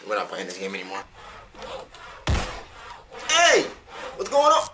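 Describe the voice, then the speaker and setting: A man doing a let's play commentary, excitable and swearing a lot, yelping and shouting in surprise. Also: deep voice, a little slow, distant mic, background noise. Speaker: gamer.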